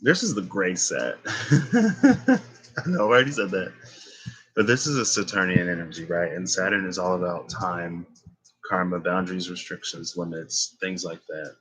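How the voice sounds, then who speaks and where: A man's voice: sits low, fairly even intonation, normal speed, bright, forceful tone, slightly rough, rough recording. A young man giving a casual tarot reading, rambling and thinking aloud as he corrects himself. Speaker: tarot reader.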